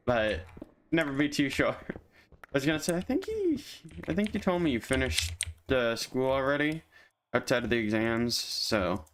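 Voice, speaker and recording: A man's voice: mid-range voice, sing-song, moderate pace, a bit bright, slight background noise. A man streaming a game, chatting casually and teasing his viewers while he plays, laughing often. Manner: joking, teasing, answers chat, laughs often. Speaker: gaming streamer. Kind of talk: casual live-stream chat over gameplay.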